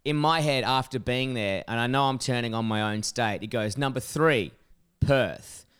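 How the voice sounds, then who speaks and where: Brash sweary Australian man, smooth voice. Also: medium pitch, normal speed, fairly bright tone. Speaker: podcast co-host. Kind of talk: casual podcast banter.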